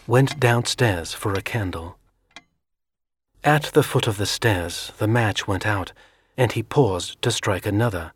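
A man narrating a suspenseful story in a measured, scripted delivery. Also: on the low side, slight background noise. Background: music.

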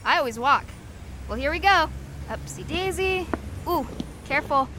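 A woman's voice: high voice, animated, moderate pace, background noise. Irma, a chirpy ditzy girl. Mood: scatterbrained. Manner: naive, chirpy, takes everything literally. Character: sweet scatterbrained young woman, ditzy and cheerful. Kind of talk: 1940s radio acting.

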